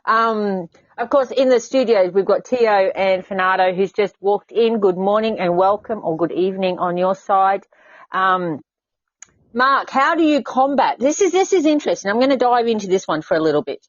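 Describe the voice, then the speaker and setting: A woman with an Australian accent hosting a casual chat, animated and quick to laugh. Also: mid-range voice, no echo, highs cut off. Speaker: podcast host.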